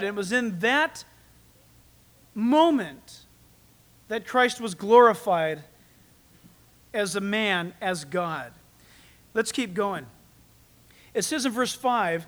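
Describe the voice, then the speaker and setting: A man, a pastor, preaching a sermon, swinging between loud emphatic peaks and quiet asides to the congregation. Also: very high-pitched, sing-song, measured pace, pauses often.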